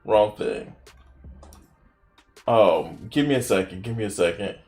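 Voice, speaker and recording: A man's voice: on the low side, a little slow, vocal fry, darkish tone, soft background music. A man streaming and reacting to a video in casual, profane, incredulous commentary.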